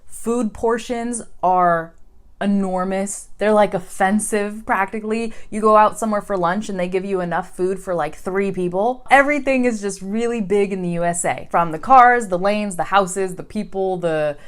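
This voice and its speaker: An American woman teaches English in a relaxed, talkative video lesson. She sounds animated, acting out little quoted voices along the way. She sits in the middle of the usual female pitch range. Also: normal speed, smooth. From United States. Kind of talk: casual video lesson to learners.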